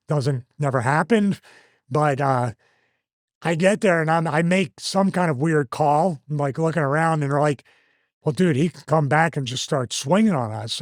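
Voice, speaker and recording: A man in his fifties hosts and tells a story in a casual, animated style, acting out each quoted line. His voice sits fairly high for a man. The sound is dry and close to the mic. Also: no echo. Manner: animated, acts out quoted lines. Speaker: host, former wrestler.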